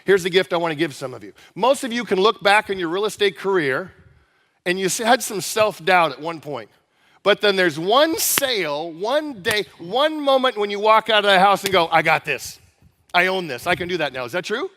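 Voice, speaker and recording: High-voiced, punchy motivational speaker man. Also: animated, normal speed, pushed and bright. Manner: punchy, repetitive, asks the crowd questions. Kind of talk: high-energy keynote speech to a live audience. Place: large conference room with an audience. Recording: reverberant conference hall.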